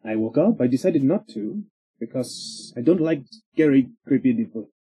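A man's voice: mid-range voice, expressive, normal speed, dark tone, slightly rough, poor audio. A man playing a character in a tabletop game, talking in a playful, wry way. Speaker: player. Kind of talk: in-character role-play.

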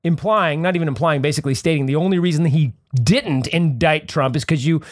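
A man hosting a casual podcast, telling animated stories with plenty of swearing and laughter. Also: on the high side, fairly quick, no room sound, clean studio sound. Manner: animated storyteller, swears freely, laughs often. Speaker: podcast host. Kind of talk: casual chat and storytelling.

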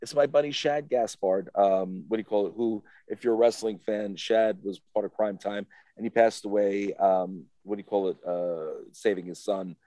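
Low-voiced man telling a rambling story. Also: fairly even intonation, normal speed, hardly any pauses, dark tone, dry recording. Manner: rambling, repeats "what do you call it?" and acts out quoted voices. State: emotional, close to tears. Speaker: interview guest. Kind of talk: casual storytelling.

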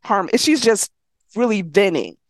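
A woman's voice: medium pitch, animated, measured pace. A woman co-hosting a podcast, casually retelling a story and acting out the characters' lines, swearing freely. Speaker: podcast co-host recapping a story. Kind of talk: casual chat, retelling a book with acted quotes.

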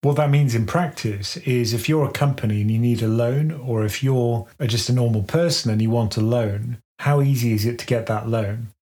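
A man discusses finance topics in a relaxed podcast chat, his pitch steady and mid-range. He explains things in a measured way, using plain analogies to make his points.

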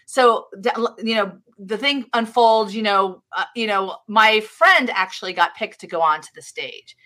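A middle-aged woman, a guest author, telling a story in an interview in an expressive way, with many restarts. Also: medium pitch, a little slow. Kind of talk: storytelling in a live-streamed interview.

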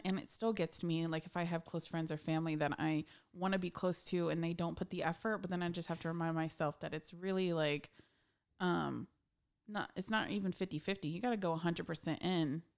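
A woman with a slightly low voice chats candidly as a guest at a studio mic in an office. She is frank and teasing, and laughs easily. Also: steady tone, a little fast. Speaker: podcast guest. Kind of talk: casual chat. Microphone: studio mic with headphones.

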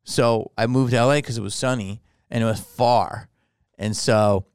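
Philly-born comedian guy swearing thru a story, smooth clear voice, dry sound. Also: medium pitch, steady tone, normal speed, darkish tone, dry recording. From Philadelphia. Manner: profane, storytelling. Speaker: comedian guest. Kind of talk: casual podcast chat.

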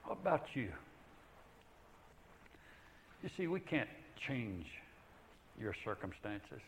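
An older man preaching a sermon in an earnest way, rising to loud emphatic peaks and then dropping to hushed, low passages. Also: very animated, measured pace, a little hiss or hum, rough recording.

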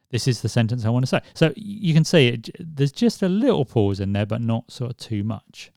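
A man hosts a podcast on public speaking. His voice is mellow and warm, and he talks in a chatty way, acting out little examples. The recording is dry and close. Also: medium pitch, animated, a little fast, vocal fry, no room sound. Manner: chatty, demonstrates examples, many "sort of" fillers. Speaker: podcast host.

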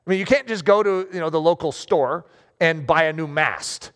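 A man preaching a sermon, talking in a lively, conversational way with self-deprecating asides. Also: on the high side, normal speed, big-room sound. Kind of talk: sermon with story reading.

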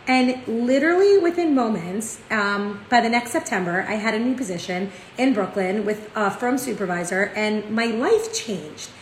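A woman, teaching in a casual, chatty way. Her storytelling is animated, full of "like" and "right?" asides. The room is echoey, with a faint hum of ambience behind her. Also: medium pitch, moderate pace, hardly any pauses. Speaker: Torah class teacher. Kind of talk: casual spoken lesson.

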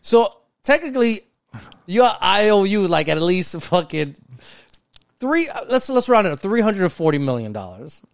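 A man hosting a casual podcast, talking in an animated, profane, mock-indignant way as he ribs his co-host. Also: high-pitched, measured pace, creaky, smooth, dry recording, clean studio sound.

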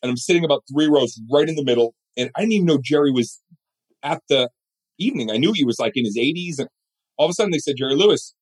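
A middle-aged man with a slightly high, breathy-edged voice talks fast as a guest in an interview. He tells stories with lots of energy, acting out the voices of the people in them.

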